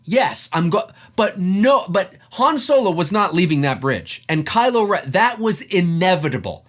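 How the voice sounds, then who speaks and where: A man's voice: high-pitched, big pitch swings, normal speed, fairly bright tone. A man giving an emphatic, profane opinion vlog about a film scene, acting out quoted lines as he goes. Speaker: film commentator.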